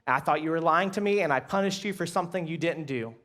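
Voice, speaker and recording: A man voicing a big stern father who turns remorseful, speaking lower and quieter. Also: brisk.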